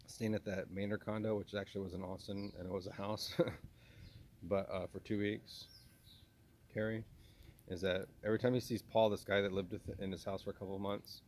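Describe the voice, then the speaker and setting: A man's voice: on the low side, a little mellow. A man with a slight Texan accent talking in a rambling spoken video journal, referring to himself in the third person, with frequent restarts and stammers. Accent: slight Southern US (Texan).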